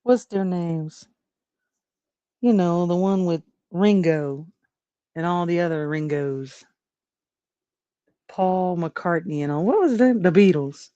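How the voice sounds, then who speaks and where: A woman's voice: lowish voice, slow, pauses often, warm tone, dry recording, dull audio. A woman hosting a casual livestream, rambling about everyday topics, laughing often and chatting with viewers. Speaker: livestream host.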